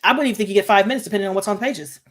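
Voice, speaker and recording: A woman in casual conversation about a show she loves. She talks in an animated way, laughs often and repeats phrases to stress them, at a middle pitch. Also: rapid-fire. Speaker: show discussion co-host. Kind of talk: casual fan discussion.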